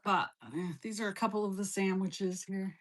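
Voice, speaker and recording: A woman's voice: medium pitch, fairly even intonation, normal speed. A woman hosting a casual cooking livestream from her kitchen, reading out viewer comments and answering them in a blunt, teasing, playful way. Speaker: livestream host.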